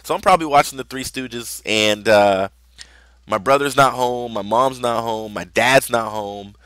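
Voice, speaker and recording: A man's voice: medium pitch, unhurried, a bit bright, smooth, no room sound. A young man telling a personal story in a rambling, conversational way, with lots of fillers. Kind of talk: casual storytelling vlog.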